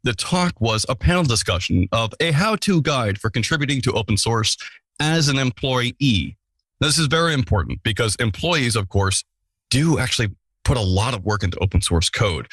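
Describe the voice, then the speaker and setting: A man's voice: mid-range voice, expressive, normal speed, a bit bright, slightly rough, no room sound. A man hosting a casual podcast, introducing the episode and guests with playful, self-mocking asides. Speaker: podcast host.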